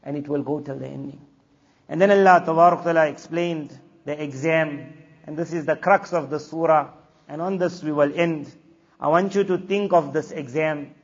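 High-pitched guy preaching, fiery and mocking, dull muffled audio, long hall echo. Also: normal speed. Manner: impassioned, scornful asides, Arabic recitation. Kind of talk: sermon.

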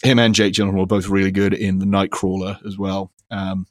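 Man, podcast host, low-pitched, monotone delivery, rambling with fillers. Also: a little fast, no room sound, clean studio sound. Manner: rambling, heavy on fillers and restarts. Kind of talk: casual recommendation chat.

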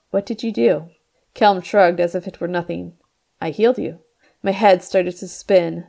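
A woman's voice: on the low side, gravelly, darkish tone. A woman author reading her novel aloud in the first person, raising her voice for the characters' cries. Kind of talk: audiobook-style narration.

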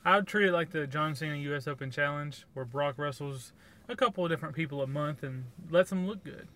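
A man's voice: on the high side, quick pace, fairly bright tone. A man co-hosting a podcast, giving blunt, sarcastic opinions in casual review chat. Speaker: podcast co-host.

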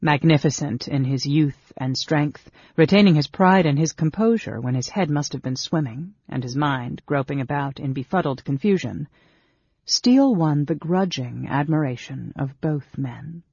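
A man narrating a fantasy audiobook in a measured, even storytelling manner. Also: on the high side, vocal fry, slightly rough, no room sound, lo-fi sound. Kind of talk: scripted narration.

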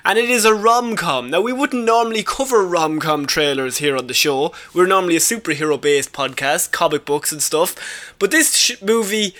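A man's voice: high voice, moderate pace, fairly bright tone. An Irish man co-hosting a casual movie podcast, leading the talk and laughing often. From Ireland. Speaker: podcast co-host. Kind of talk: casual chat.

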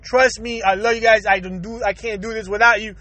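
A man's voice: high-pitched, fairly even intonation, fairly quick, bright, forceful tone, no room sound. A man hosting his own podcast, ranting in a profane, rambling way and laughing often. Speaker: podcast host. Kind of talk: casual podcast rant.

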